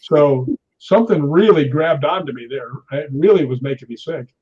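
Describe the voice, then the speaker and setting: Older male guest, husky and a bit high-pitched, lively storyteller, dull lo-fi audio. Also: normal speed. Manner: animated storyteller acting out quoted voices. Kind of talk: storytelling in an interview.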